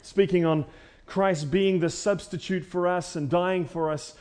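A man, a preacher, delivering a sermon, rising to forceful declarations and dropping to hushed lines, repeating phrases for emphasis. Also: sits high, fairly even intonation, measured pace.

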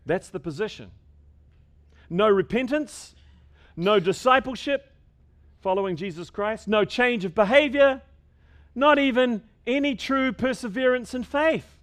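High-voiced man preaching with emphasis. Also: a bit bright. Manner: emphatic, quick asides with stammered restarts. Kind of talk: sermon.

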